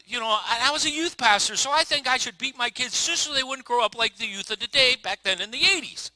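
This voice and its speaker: Bright-voiced joking preacher, man. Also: animated, quick pace, dry recording. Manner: casual, joking preacher who swings from low murmurs to loud outbursts. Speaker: pastor. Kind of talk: sermon.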